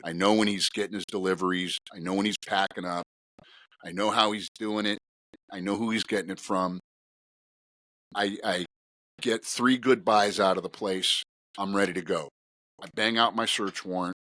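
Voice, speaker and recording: A middle-aged man, a retired police officer, telling stories on a podcast in a casual, animated, profane way. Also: normal speed, pauses often, no room sound. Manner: animated, profane, swinging pitch while telling a story.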